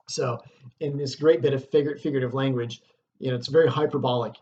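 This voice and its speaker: A man's voice: medium pitch, steady tone, fast, a little mellow, muffled recording, slight background noise. A man teaching a lesson, explaining a play in a casual way with fillers and check-ins.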